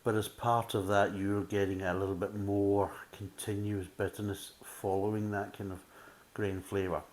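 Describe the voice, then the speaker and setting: Man, very low voice, casual beer review, methodical and rambling. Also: level tone, normal speed, darkish tone. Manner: methodical, leans on filler words like "kind of".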